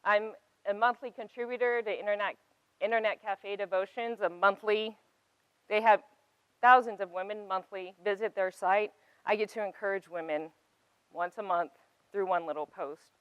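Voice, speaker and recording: A woman's voice: mid-range voice, fairly even intonation, normal speed, smooth, no room sound, highs cut off. A woman in her thirties giving a personal testimony talk, earnest and emphatic, building to passionate peaks. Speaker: speaker.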